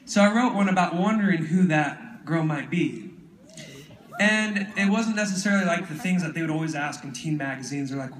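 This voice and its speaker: A man's voice: a little high, a little fast. A man introducing his song to a concert crowd in a rambling, laughing way. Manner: laughing, self-interrupting. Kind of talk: rambling onstage talk. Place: live concert venue. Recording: echoey live venue from a distance.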